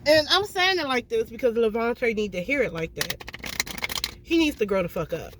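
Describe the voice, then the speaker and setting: Brief: outspoken tarot reader, mid-pitched voice, blunt and profane, faint room hum behind. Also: animated, moderate pace. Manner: blunt and emphatic, swears freely; keeps checking in with "okay?". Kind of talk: casual tarot reading to viewers.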